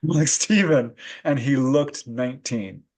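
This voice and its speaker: A man as a podcast guest who recounts his own experiences in an animated, laughing storytelling manner. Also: mid-range voice, normal speed. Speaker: guest, paranormal researcher and author. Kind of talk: casual interview storytelling.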